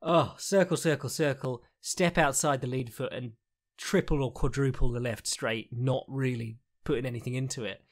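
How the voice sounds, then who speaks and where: A man's voice: mid-range voice, fairly even intonation, moderate pace. A man hosting a podcast, recapping fights in a rambling, frank way with lots of fillers, the odd swear and laughs. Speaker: podcast host, fight analyst. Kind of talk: casual solo commentary recap.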